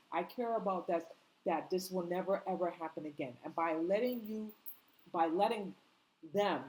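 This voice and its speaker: A woman's voice: mid-range voice, a little mellow, rough recording. A woman delivering an impassioned opinion monologue, indignant and full of rhetorical questions, in a casual spoken manner with fillers. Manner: conversational, with fillers and slang. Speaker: commentator.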